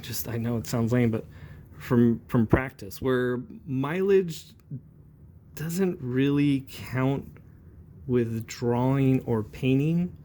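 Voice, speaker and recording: A man in his forties, a comic book inker, chatting in a relaxed, rambling way as he demonstrates brush inking. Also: mid-range voice, a little hiss or hum.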